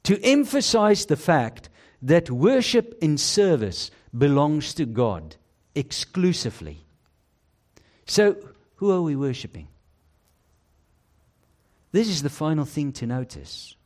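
A man preaching a sermon with emphasis and rhetorical questions, dropping low and quiet to stress key phrases. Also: big pitch swings, takes it slowly, pauses often.

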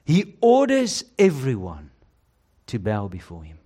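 Slow, lively-pitched male preacher. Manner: emphatic, rhetorical questions, dramatic drops to low quiet phrases. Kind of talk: sermon.

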